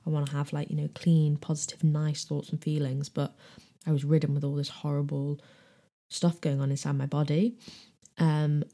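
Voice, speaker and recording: Young speaker with a British accent, gravelly and mellow. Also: medium pitch, little pitch movement, normal speed. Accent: British English. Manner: rambling, frank, acts out quoted dialogue. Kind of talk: candid personal storytelling.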